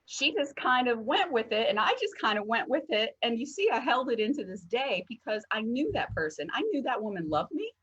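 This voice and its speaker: A woman co-hosting a heartfelt discussion show, telling stories in an animated way and acting out quotes. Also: a little high, brisk, few pauses, slightly rough, dull audio. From northern United States. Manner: animated storyteller, acts out quotes. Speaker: co-host.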